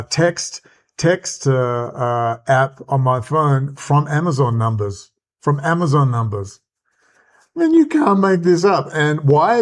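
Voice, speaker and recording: An Australian man hosting his own channel, delivering an agitated, rambling, profane commentary rant. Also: medium pitch. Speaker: channel host.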